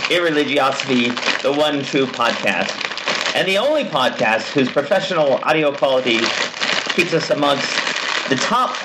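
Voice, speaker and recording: A man co-hosting a podcast in casual comedic chat, joking and quick to laugh at himself. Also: medium pitch, animated. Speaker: podcast co-host. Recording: noisy home podcast audio.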